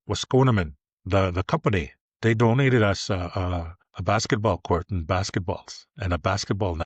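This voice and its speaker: Deep-voiced man in his fifties, earnest. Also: no room sound. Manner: earnest, plainspoken, unhurried storyteller. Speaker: youth treatment program leader. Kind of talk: podcast interview, personal storytelling. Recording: dull lo-fi sound.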